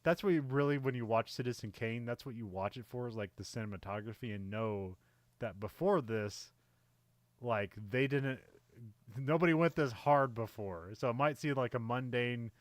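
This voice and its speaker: A man's voice: medium pitch, normal speed, dry recording. A man co-hosting a casual movie podcast, rambling and laughing often, with lots of fillers. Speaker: podcast co-host.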